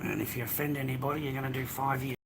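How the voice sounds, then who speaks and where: Rapid-fire and steady in tone, an Australian man with a medium-pitched voice and vocal fry rants to his phone while walking along a street and path. The monologue is rambling and profane, calling everyone mate and bro. The phone picks up loud traffic and street noise.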